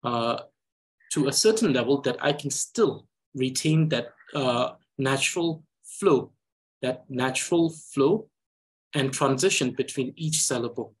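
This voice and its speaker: A man with a Tibetan accent teaching a language reading lesson, talking slowly and carefully with frequent hesitations. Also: medium pitch, animated, husky. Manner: slow, careful, hesitant with many uhs. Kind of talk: slow reading lesson with explanation.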